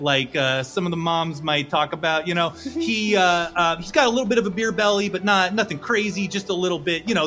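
A man's voice: fairly high pitch, pushed and bright. A man narrating as game master of a tabletop game, rambling and laughing as he goes. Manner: rambling, laughing, full of fillers.

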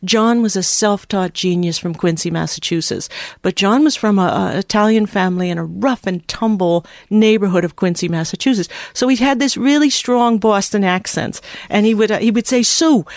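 An older woman in her sixties, a former studio engineer, recounts tour stories with lively energy, often restarting phrases mid-thought. Her voice sits at a middle pitch and the sound is close and dry, with no room around it. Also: normal speed, no room sound. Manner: lively storyteller with frequent restarts. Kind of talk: storytelling in a podcast interview.

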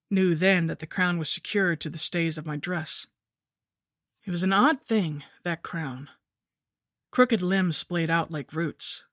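Woman, scripted horror narration, measured, somber, dry close mic. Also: fairly low pitch, fairly bright tone, no room sound.

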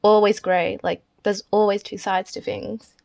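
A woman co-hosting a podcast, talking calmly and weighing both sides. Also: mid-range voice, measured pace, creaky. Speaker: podcast co-host. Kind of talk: casual chat.

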